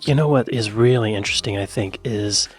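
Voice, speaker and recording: A man's voice: fairly low pitch, brisk, slightly rough, soft background music. A man hosting a casual reaction video, musing aloud and now and then dropping into a whisper. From American South. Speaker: reaction channel host.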